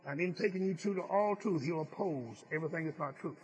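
A man's voice: on the high side, quick pace, highs cut off. A male preacher delivering a sermon as earnest storytelling, stressing key phrases and sometimes restarting his words. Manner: some stammered restarts.

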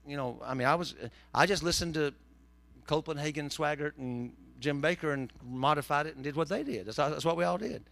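A man's voice: fairly high pitch, a little fast, gravelly, a bit bright, dry recording. A man preaching a sermon, telling folksy, joking stories. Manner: folksy, joking storyteller with southern turns of phrase. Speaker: pastor.

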